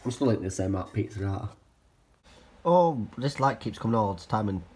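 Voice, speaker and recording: A man's voice: fairly low pitch, lively intonation, fast, darkish tone, breathy edge. A young man, a student with a cold, chatting and rambling casually in his bedroom in a student house, swearing freely as he talks to the camera. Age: young adult. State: has a cold. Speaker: student vlogger. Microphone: camera held while talking.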